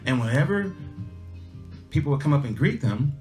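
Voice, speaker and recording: A man's voice: mid-range voice, sing-song, normal speed, darkish tone. A middle-aged man hosting a livestream, telling a casual personal story and driving home life lessons with emphatic repetition. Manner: folksy, emphatic, repeats his lessons. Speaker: livestream host. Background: faint guitar music.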